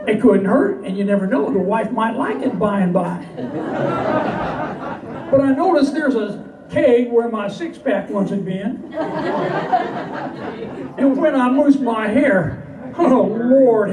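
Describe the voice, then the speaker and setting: High-voiced man reciting cowboy poetry. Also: lively intonation, slow pace, pauses often, crowd noise. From Southern California. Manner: folksy, rhyming, dry comic delivery. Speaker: cowboy poet. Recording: echoey, distant, noisy live recording.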